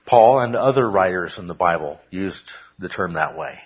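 Husky male pastor preaching. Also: low-pitched, expressive, normal speed, muffled recording. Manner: peppers talk with "okay?", rises to emphatic shouts. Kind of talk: sermon. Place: church.

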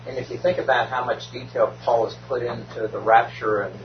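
A man's voice: medium pitch, steady tone, fairly quick, roomy sound, highs cut off, a little hiss or hum. A man in a Bible study group, thoughtfully building on what others have said. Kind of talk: group discussion.

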